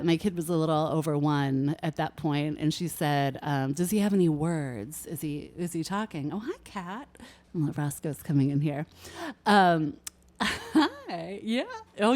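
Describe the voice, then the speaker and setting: A woman's voice: lowish voice, darkish tone. A woman singer-songwriter chatting casually between songs on a livestream, laughing often. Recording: guitar music behind the voice.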